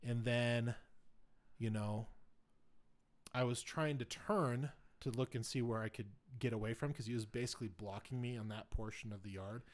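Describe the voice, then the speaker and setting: A man's voice: mid-range voice, normal speed. A man hosting a podcast, telling a long casual story full of fillers and restarts. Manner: rambling, filler-heavy, grows louder and excited retelling events. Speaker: podcast host.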